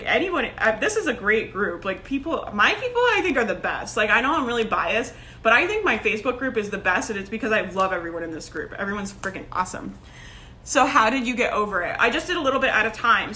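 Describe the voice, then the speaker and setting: Speaking straight to the camera, a bright, talkative female coach with a fairly high voice streams live to her Facebook group. The motivational talk is casual and energetic; she laughs a lot and keeps saying "like" and "right."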